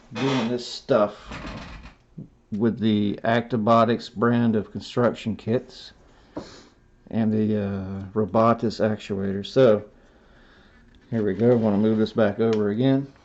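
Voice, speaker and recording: A man's voice: fairly low pitch, darkish tone, slight background noise. A man narrating a hands-on robot build tutorial in a folksy, self-talking way, stopping to correct himself as he works. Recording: dull lo-fi sound.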